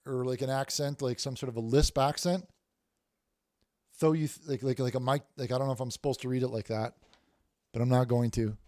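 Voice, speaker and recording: A man's voice: medium pitch, fairly even intonation, fast talker, darkish tone, no echo, clean studio sound. A man hosting a casual livestream, reading viewer messages aloud with many restarts and repeated words. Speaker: livestream host reading chat.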